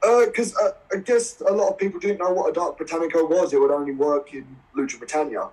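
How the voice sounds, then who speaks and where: A man in his twenties with an Essex accent, telling stories as a guest in a casual interview, animated and laughing often. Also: fairly high pitch, fast. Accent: English, Essex. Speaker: guest wrestler. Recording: voice a bit far from the mic.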